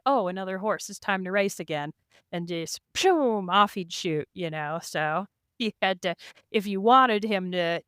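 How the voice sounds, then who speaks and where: Very clear-voiced woman telling riding stories. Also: fairly low pitch, fairly bright tone, no echo, studio quality. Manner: chatty, laughing, full of "you know" and "like". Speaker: podcast guest, endurance race rider. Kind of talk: casual interview storytelling.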